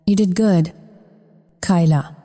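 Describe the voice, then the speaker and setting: A woman voicing a commanding, seductive male mafia boss who murmurs softly, in an audiobook. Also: medium pitch, animated, unhurried, lightly acted. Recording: long reverb.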